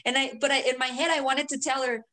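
Woman podcast cohost, high girly voice, swears a lot, laughs easy, loose casual chat. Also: little pitch movement, fast, pushed and bright. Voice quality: high girlish voice. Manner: profane, blunt, laughs a lot. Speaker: podcast co-host.

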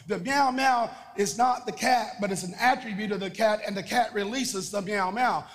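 Male pastor with a high voice, preaching emphatically to a congregation; echoing sanctuary. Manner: emphatic preaching, drawn-out repetition. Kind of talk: sermon with prayer and call-and-response. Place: church sanctuary. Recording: church hall reverb.

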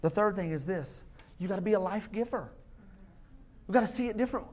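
A man in his thirties whose darkish voice sits high preaches fairly quickly, with long pauses, as lead pastor in his church sanctuary. His sermon feels like an informal table conversation, dotted with short impersonated quotes.

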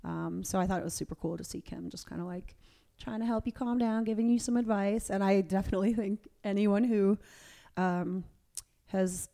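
A woman hosts a casual interview podcast with a mellow, relaxed tone. She tells stories in a chatty, animated way. She acts out what other people said. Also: medium pitch, moderate pace, creaky. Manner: chatty, animated storytelling with quoted voices. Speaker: podcast host; powerlifting coach and competitor.

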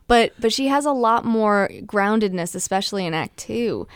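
A woman in her twenties, a stage actor telling stories in a casual interview, animated and chatty. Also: mid-range voice, normal speed, clean tone, no echo, studio quality.

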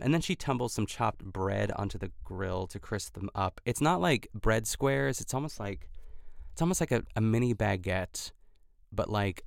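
A man's voice: on the low side, vocal fry, dry recording, studio quality. A man hosting a podcast, recapping in casual chat and filling his talk with "like" and restarts. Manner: chatty, lots of "like" fillers and restarts. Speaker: podcast host.

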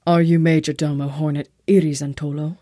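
A woman voicing a male emperor who speaks firmly and with quiet authority. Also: low-pitched, flat delivery, no echo, clean studio sound. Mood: stern. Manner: firm, measured, authoritative. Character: stern male emperor, commanding.

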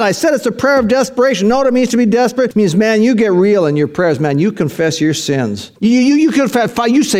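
A man's voice: high-pitched, lively intonation, a little fast, few pauses, darkish tone. A man preaching a sermon as pastor, conversational, building to emphatic, rising passages.

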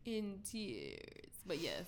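A woman co-hosting a casual podcast chat, animated and profane, acting out quotes and laughing as she talks. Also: fairly low pitch, extremely slow, vocal fry. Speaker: podcast co-host.

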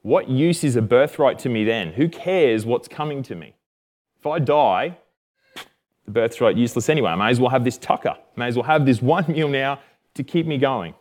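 A man voicing a boisterous, hungry young man with an Australian accent, talking loud and bluff in slang. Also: mid-range voice, normal speed, natural voice. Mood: greedy.

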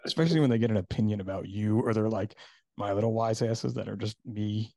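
A man in his forties hosting a podcast interview, chatty and quick to laugh as he tells family stories. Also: on the low side, vocal fry, dark tone, no echo, studio quality. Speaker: podcast host. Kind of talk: casual interview chat.

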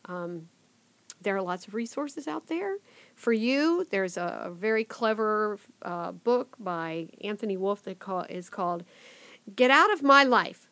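A woman's voice: medium pitch, animated, unhurried, a bit bright, no room sound. Woman giving conversational parenting advice. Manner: conversational, advising, drops into quoted example phrases. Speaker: parenting advisor.

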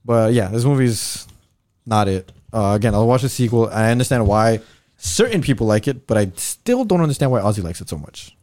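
A man's voice: lowish voice, animated, fairly quick, a little mellow. A man, co-hosting a casual podcast chat, rambling and swearing, often repeating and restarting his words. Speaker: podcast co-host.

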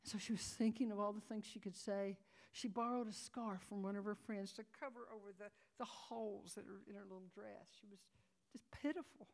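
A woman's voice: mid-range voice, fairly even intonation, brisk, gravelly, a little mellow. A woman preaching at a conference, telling a story dramatically and near tears, dropping to whispers and rising to cries. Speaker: conference speaker. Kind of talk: sermon storytelling.

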